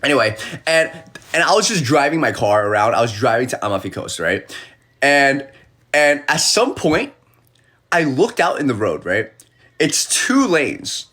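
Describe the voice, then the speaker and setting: Man, casual live-stream chat, animated storyteller with a lively, high-leaning voice. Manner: animated storyteller, acting out the people he quotes.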